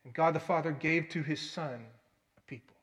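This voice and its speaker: Male pastor, high voice, earnest storyteller with loud emphatic bursts, echoing church hall. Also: normal speed. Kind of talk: sermon. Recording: long hall reverb.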